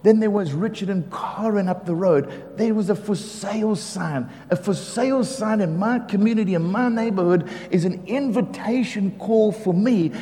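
Animated pastor, high voice. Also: male voice, moderate pace, few pauses. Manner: animated storyteller, acts out quotes, laughs often. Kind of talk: sermon storytelling. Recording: reverberant hall with faint ambience.

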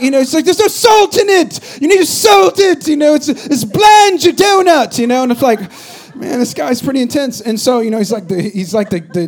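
A man's voice: high voice, darkish tone. A middle-aged man preaching a sermon in a conversational, joking style, building to emphatic bursts. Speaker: pastor.

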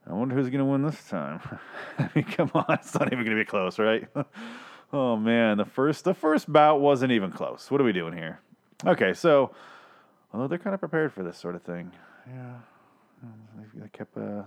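A man hosting a casual TV review podcast, rambling, sarcastic and profane, often interrupting himself. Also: medium pitch. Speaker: podcast host reviewing TV episodes.

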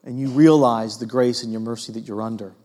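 A man preaching a sermon in an earnest way, moving between emphatic stretches and hushed ones, with frequent fillers. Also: medium pitch, fairly even intonation, brisk. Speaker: pastor.

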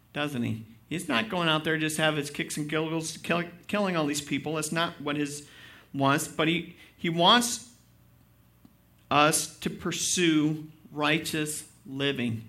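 Male pastor with a slightly high, bright voice, preaching a sermon, reads scripture with building emphasis and talks straight to the congregation. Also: measured pace. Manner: preaching with rising emphasis while reading scripture aloud; conversational asides and questions to the congregation.

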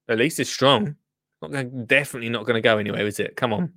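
A man's voice: mid-range voice, fast, vocal fry, pushed and bright, no room sound. A man chatting casually as he reacts to a gardening clip, jokey and rambling with many asides. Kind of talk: casual chat commentary.

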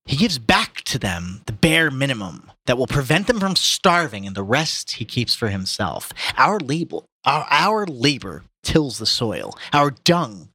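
A man's voice: big pitch swings, unhurried, hardly any pauses, sharp tone, husky, no echo, clean studio sound, heavily acted. A man doing a grave old boar in a mock Russian accent. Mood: indignant. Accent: put-on Russian. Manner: booming speechmaking, slips out of character into laughter. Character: old male boar rallying farm animals, grave and fiery. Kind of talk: comic dramatic reading.

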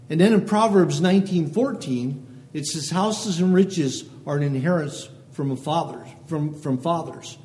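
A man's voice: mid-range voice, darkish tone, slight background noise. Man preaching in a reverberant hall. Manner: short phrases, reads scripture aloud, asks the listeners "okay?". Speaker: pastor. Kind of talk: sermon.

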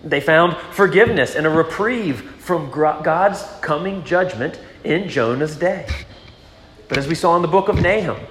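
A pastor preaching a sermon to his congregation, earnest, moving between strong emphasis and hushed rhetorical questions. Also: on the high side, animated, normal speed. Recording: echoey hall with background noise.

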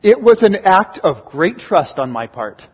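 A man, a pastor, preaching a sermon and telling stories with animated, acted-out exclamations. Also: sits high, unhurried, breathy edge. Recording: dull, lo-fi recording with long hall reverb.

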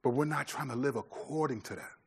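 A man's voice: mid-range voice, brisk, creaky, husky. A middle-aged man preaching a sermon in a loose, conversational way, with many restarts and fillers. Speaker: pastor.

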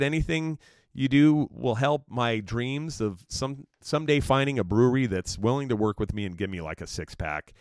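A man's voice: medium pitch, darkish tone, dry recording, studio quality. A man hosting his own podcast, telling a story in a rambling, casual way with lots of fillers and swearing. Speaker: podcast host.

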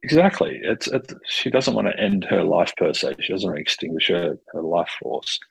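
A low, gravelly man with a husky edge talks in a relaxed chat. He gets animated, acting out little quoted exchanges and doubling back on his words, with a dry, close sound. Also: normal speed, rough recording. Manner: animated, self-interrupting, acts out quoted dialogue, swears casually. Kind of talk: casual conversation.

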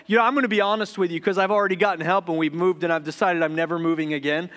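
A man in his thirties preaching a sermon, telling funny, confessional stories that turn quiet and tender. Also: high-pitched, steady tone, rapid-fire, few pauses. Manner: humorous, confessional storytelling that turns quiet and tender. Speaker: pastor.

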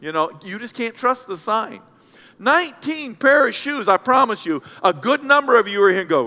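A male pastor delivers a playful, animated sermon, trading loud bursts for quiet asides. His voice sits high and sounds bright and forceful. The sound carries the long reverb of a large church hall. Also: moderate pace.

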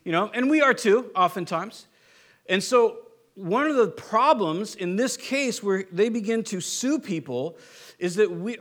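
A man's voice: sits high, a bit bright. A man preaching a sermon to his church in a conversational way. He keeps checking in with "right?" and acts out the people in his examples. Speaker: pastor.

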